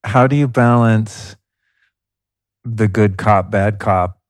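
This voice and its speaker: A man hosting a podcast interview, asking measured, thoughtful questions. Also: fairly low pitch, no room sound. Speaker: podcast host. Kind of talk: interview questions, casual chat.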